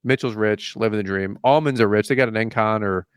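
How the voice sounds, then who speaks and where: A man's voice: fairly low pitch, a little fast, smooth, no room sound, clean studio sound. A man hosting a casual podcast, telling stories with lots of laughter and acting out both sides of conversations. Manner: joking storyteller, acts out quoted exchanges; laughs often. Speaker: podcast host.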